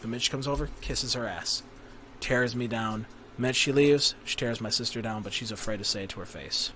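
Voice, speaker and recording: A man on a podcast telling a long, profane story about a family fight, getting louder as he rants. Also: mid-range voice, fairly quick, a little hiss or hum. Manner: profane, ranting storyteller who rises to shouting. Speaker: podcast host. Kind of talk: casual storytelling chat.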